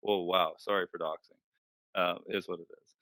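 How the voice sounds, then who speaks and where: A man's voice: sits low, fairly even intonation, a little fast, bright, forceful tone, dry recording. A man in his thirties, an interview guest, telling personal stories in a loose, profane way full of filler words. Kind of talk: casual storytelling. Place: online virtual-world voice chat.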